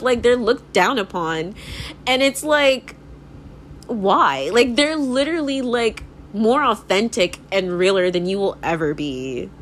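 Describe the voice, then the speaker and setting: A woman's voice: a little high, fairly bright tone, a little hiss or hum. A young woman hosting a podcast in a casual, rambling monologue, swearing freely, laughing often and filling her speech with "like.". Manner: fills speech with "like". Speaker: podcast host.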